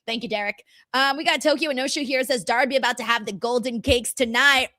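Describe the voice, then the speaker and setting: A woman in her thirties chatting casually on a live stream, excitably reading viewer comments aloud and swearing freely. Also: fairly high pitch, a little fast, no room sound, studio quality. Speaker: streamer hosting a watch-along.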